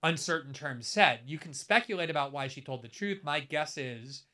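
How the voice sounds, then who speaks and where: A man's voice: a little high, animated, moderate pace, bright, forceful tone. A man in his fifties delivering a commentary monologue, emphatic and building his case through pointed rhetorical questions. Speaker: political commentator.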